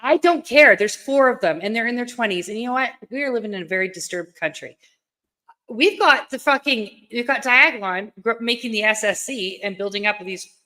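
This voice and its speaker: A woman's voice: fairly high pitch, a little fast, bright, forceful tone. A Canadian woman co-hosting a live stream, chatting casually, blunt and profane. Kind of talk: casual chat.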